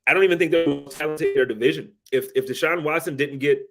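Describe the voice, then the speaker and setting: A man speaking as a guest on a sports podcast, relaxed and casual, hesitating as he forms his opinions. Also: fairly high pitch, quick pace. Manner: relaxed, hesitant restarts while forming opinions.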